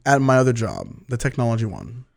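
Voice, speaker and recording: A man's voice: mid-range voice, huge pitch swings, vocal fry. A young man co-hosting a podcast in casual chat, rambling and laughing a lot. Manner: rambling, laughs often, fast talker. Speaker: podcast co-host.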